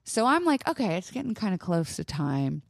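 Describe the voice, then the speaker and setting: A young woman co-hosting a podcast, telling a story in casual chat, animated and profane, acting out quotes loudly. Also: lowish voice, moderate pace, creaky, dry recording, clean studio sound. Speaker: podcast co-host.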